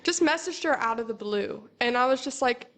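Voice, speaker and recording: A woman's voice: fairly high pitch, lively intonation, normal speed, fairly bright tone. A woman guest in a casual chat, telling a story in a chatty way with lots of fillers.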